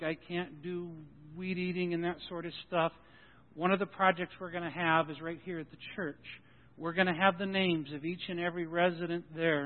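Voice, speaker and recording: A folksy male pastor preaches in a high voice, joking with his congregation and often stumbling over his words. The sound is tinny and thin, like a phone line, and it echoes with a long reverb in the church hall. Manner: folksy, joking, with frequent restarts. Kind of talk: sermon with announcements. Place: church sanctuary.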